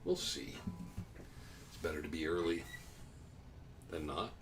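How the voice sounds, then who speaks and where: A man hosting a casual livestream, reading viewer comments in a rambling, easygoing way, a bit low on energy from the heat. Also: unhurried. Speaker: livestream host.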